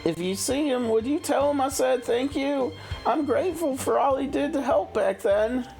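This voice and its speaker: A man's voice: very high-pitched, moderate pace, vocal fry, darkish tone, soft background music, pitched above the performer's own voice. A man voicing a sweet, bubbly young woman traveler in a game, gushing and polite. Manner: gushing, polite, wide-eyed.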